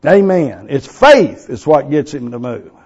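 Male preacher, lively swooping voice, folksy stories, excitable, lo-fi recording. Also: medium pitch, a little slow, breathy edge. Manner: folksy storytelling, excitable, laughs often. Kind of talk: sermon.

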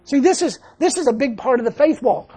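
Older guy preaching, high husky voice, tells a story then gets loud and emphatic. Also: animated, a little fast. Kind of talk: sermon testimony.

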